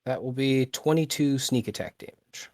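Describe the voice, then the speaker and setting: A man playing a tabletop game, describing his character's moves in a deliberate way and thinking aloud while he plans. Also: medium pitch, a little mellow, dry recording. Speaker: player.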